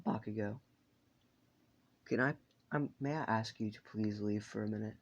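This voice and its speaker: A man voicing a blunt, calm young man. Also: lowish voice, normal speed, lo-fi sound. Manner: calm, matter-of-fact, lightly profane.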